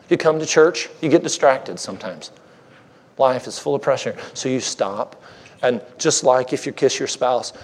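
A man preaching a sermon as a guest speaker, conversational and joking with the congregation, married fifteen years. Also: medium pitch.

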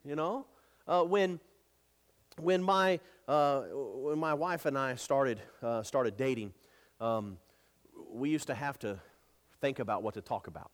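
A man's voice: medium pitch, a little slow, pauses often. A man in his thirties preaching a sermon, building to emphatic repeated lines and turning chatty with stumbles when telling family stories. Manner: repeats words when speaking casually. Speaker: pastor.

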